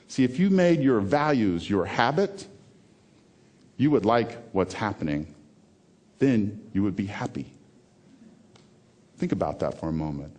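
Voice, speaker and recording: Male motivational speaker, lively pitch, punchy repetition, drops to near-whispers for effect. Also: unhurried, pauses often. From American South. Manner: emphatic, repeats key phrases, swings between loud and hushed. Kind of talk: TEDx keynote talk.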